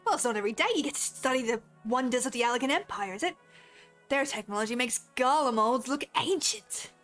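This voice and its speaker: Brief: hearty male engineer boss read by a woman streamer, friendly to his lads, highish voice. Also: brisk, fairly bright tone, soft background music.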